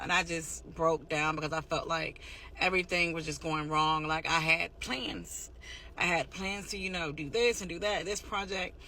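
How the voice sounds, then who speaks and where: A woman's voice: fairly low pitch, pushed and bright, slight background noise. A woman giving a candid, heartfelt personal faith testimony in a casual, rambling way. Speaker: testimony speaker.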